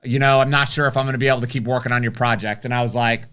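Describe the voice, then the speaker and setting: A man's voice: medium pitch, steady tone, rapid-fire, pushed and bright, smooth. A man co-hosting a casual live stream, telling stories candidly and swearing now and then. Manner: candid storytelling, mildly profane. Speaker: co-host.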